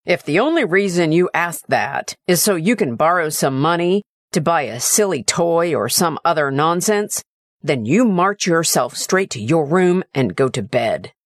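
A woman's voice: low voice, lively intonation, unhurried, dry recording, studio quality. A woman voicing a tired working father who talks curtly to his son. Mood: furious. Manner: curt, irritable.

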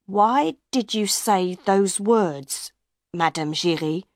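A woman reading the part of a calm, careful man who co-runs an opera house. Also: low voice, dry recording, studio quality, heavily acted. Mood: wary. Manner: measured, careful. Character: cautious, calm male opera director.

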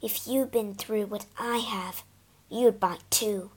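A woman's voice: high-pitched, big pitch swings, slow, heavily acted. A woman voicing a bitter, hurt young mare in a storybook, speaking in a sullen, resentful way. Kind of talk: storybook reading.

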